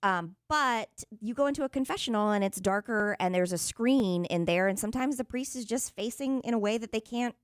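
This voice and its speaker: A woman's voice: a little high, a little fast, hardly any pauses, no room sound, studio quality. A woman radio co-host with a Southern American accent telling a rambling personal story in casual chat.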